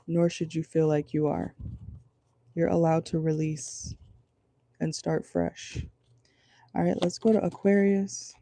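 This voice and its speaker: A man with a dark, gravelly voice gives a relaxed tarot reading from a parked car. He sits a bit high in his range and talks loosely, reassuring his listeners. He keeps checking in with a casual "okay?". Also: takes it slowly, pauses often, no echo. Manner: loose, chatty, reassuring, many fillers like "okay?". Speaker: tarot reader.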